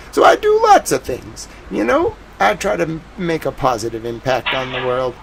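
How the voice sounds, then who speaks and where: A man with a Boston accent, a live news streamer talking casually to his chat in a soft, drawling way with lively swoops in pitch. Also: vocal fry, slight background noise, rough recording. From New England.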